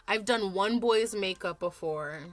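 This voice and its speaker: A woman in her thirties chatting casually and rambling as she does her makeup at home on camera for a vlog, swearing freely. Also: mid-range voice. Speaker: vlogger.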